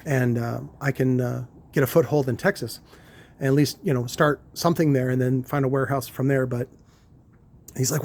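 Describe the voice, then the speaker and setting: A man's voice: medium pitch, steady tone, brisk, a little mellow. A man, a car audio shop owner, talking in a rambling casual monologue, crude and joking, with many restarts and filler words.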